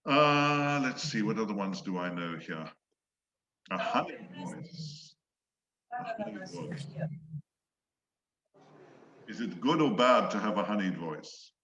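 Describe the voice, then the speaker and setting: A man teaching English in an online one-on-one lesson, slow and patient, explaining words and acting out examples. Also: lowish voice, lively intonation, background noise. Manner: slow, patient, demonstrates voices. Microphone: video call. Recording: echoey, dull video-call audio.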